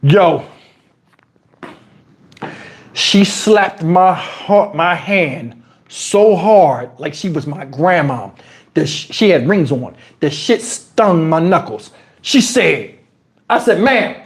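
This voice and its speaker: A man from New Jersey telling casual stories on his livestream in crude street slang, animated and jumping into high, shouted tones as he retells them. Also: takes it slowly, pauses often. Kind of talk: casual storytelling. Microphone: wireless lapel mic.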